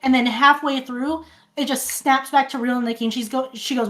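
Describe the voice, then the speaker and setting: A woman's voice: high voice, fairly even intonation, fairly quick, a bit bright. A woman streamer casually recapping a film, rambling, restarting sentences and swearing often.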